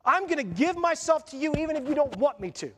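A preacher voicing a resolute young widow. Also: male voice, extremely high pitch, very animated, fast, fairly bright tone, slight background noise, pitched above the performer's own voice, exaggerated voice. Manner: earnest, resolute vows. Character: devoted young widow pledging loyalty. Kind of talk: sermon.

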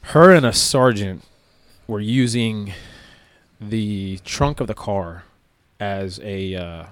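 A man's voice: on the low side, slow, clean tone, no room sound. A man, a former police officer, recounting a story casually with lots of fillers. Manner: relaxed, rambling with many fillers.

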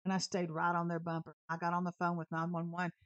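A woman's voice: fairly low pitch, completely flat delivery, fast talker, no room sound, highs cut off. A woman preaching an informal sermon full of storytelling, talking in a brash, sassy and emphatic way.

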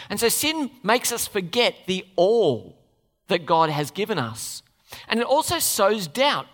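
A preacher with a mid-range voice delivers a conversational sermon, very animated yet unhurried, asking the congregation questions and adding playful asides. A large hall gives the recording a long reverb.

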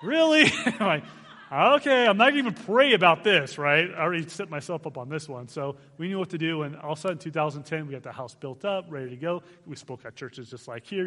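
A man in his forties from Arizona, a guest missionary speaker giving an animated testimony to a church, laughing as he tells it. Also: on the high side, in a large hall. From Arizona, United States. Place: church sanctuary.

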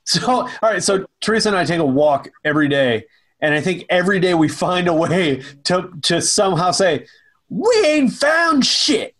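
Male co-host with a fairly high voice, rambles and trips over words. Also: brisk, a bit bright. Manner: rambling, stumbling storyteller. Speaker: podcast co-host. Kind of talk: casual comedy chat.

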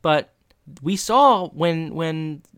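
A man's voice: fairly high pitch, lively intonation, very slow, fairly bright tone, smooth, no echo, clean studio sound. A man co-hosting a casual chat and recapping a TV episode, acting out the characters' lines as he tells it. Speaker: podcast co-host.

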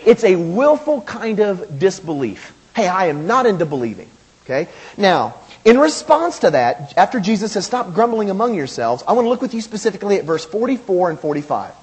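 A man preaching a sermon in an emphatic, animated way, with quotes and asides. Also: sits high, fairly quick, husky. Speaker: pastor.

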